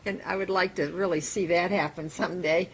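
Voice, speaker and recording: A woman mayor chairing a city council meeting, plain-spoken and halting, with frequent fillers. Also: fairly low pitch, fairly even intonation, slight background noise, rough recording.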